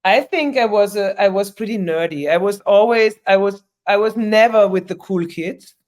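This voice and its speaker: A woman's voice: mid-range voice, normal speed. Woman on a podcast, chatty storyteller who restarts a lot and does little voices. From Germany. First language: German. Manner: animated storyteller, frequent restarts, mimics other voices. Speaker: guest. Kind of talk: conversational interview.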